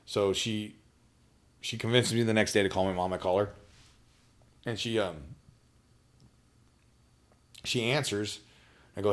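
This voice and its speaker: A man as a podcast guest, candidly telling a personal story in a blunt, profane way, halting and restarting often. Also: lowish voice, fairly even intonation.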